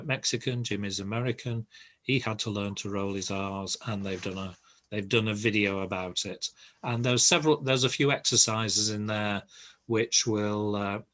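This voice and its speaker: An older man giving a relaxed, reassuring language lesson, pausing often with ums and uhs. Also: lowish voice. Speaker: Spanish teacher.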